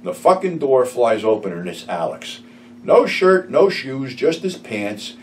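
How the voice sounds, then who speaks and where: A middle-aged man spins crude, meandering stories with a lively, swinging voice. He sits a little back from the microphone, and a faint background hiss runs under his casual chat. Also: mid-range voice, measured pace. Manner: profane, rambling storytelling. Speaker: YouTube storyteller. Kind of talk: casual anecdote telling. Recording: slightly distant mic, faint room noise.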